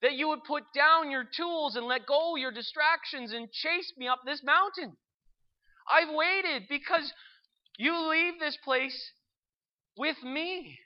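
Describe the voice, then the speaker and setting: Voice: high-pitched, slow pace, highs cut off, voice pushed up. A storyteller voicing a patient loving spirit. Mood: tender.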